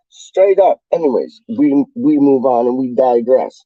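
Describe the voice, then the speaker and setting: A man's voice: mid-range voice, lively intonation, a little slow, hardly any pauses, mellow, no echo, dull audio. A man from the UK hosting a casual livestream, reading out chat in a slangy, rambling, playful way. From United Kingdom.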